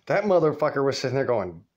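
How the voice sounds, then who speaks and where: A man telling a profane, rambling story, laughing often. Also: medium pitch. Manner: rambling, cussing, laughs a lot. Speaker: vlogger storyteller.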